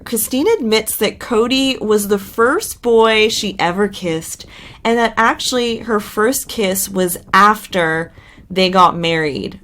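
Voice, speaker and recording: A woman's voice: mid-range voice, a bit bright. A woman hosting a casual recap channel, chatty and gossipy with sarcastic asides. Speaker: reality TV recap host.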